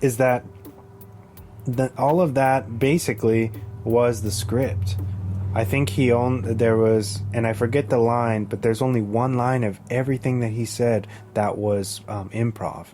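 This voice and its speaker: A man's voice: medium pitch, fairly even intonation, unhurried, dark tone, a little hiss or hum. A man co-hosting a podcast, easygoing and profane, chatting about a film. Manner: easygoing, profane, laughs often. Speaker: podcast co-host. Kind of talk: casual film review chat.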